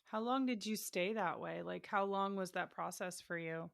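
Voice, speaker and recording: A woman co-host asking gentle follow-up questions. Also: lowish voice, moderate pace, creaky. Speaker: podcast co-host. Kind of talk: interview.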